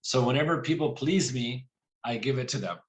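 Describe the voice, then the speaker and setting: A man in the middle register, an author guest at a live library event. He tells stories in a lively way and drops quoted asides into them. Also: mid-range voice, moderate pace.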